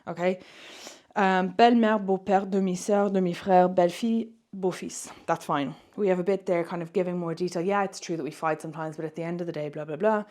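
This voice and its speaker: A young woman with a slightly low-pitched voice runs a French exam-prep lesson. She explains grammar and vocabulary in English. She reads French questions aloud slowly and clearly for her students to copy. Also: steady tone, darkish tone. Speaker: French teacher.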